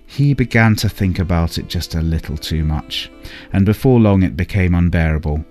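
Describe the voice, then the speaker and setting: A man reads a bedtime story aloud in a calm, unhurried way. His voice sits very low, and faint instrumental music runs underneath.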